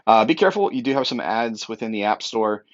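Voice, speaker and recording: A man's voice: on the low side, lively intonation, fast talker, dull audio. A young man, an upbeat real estate technology trainer, giving an emphatic walkthrough with lots of fillers.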